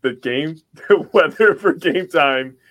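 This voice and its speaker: A man's voice: fairly high pitch, slow pace, a bit bright, no echo. Sex: man. Role: sports podcast co-host. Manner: laid-back, joking banter. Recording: dry, close. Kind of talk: casual sports podcast chat.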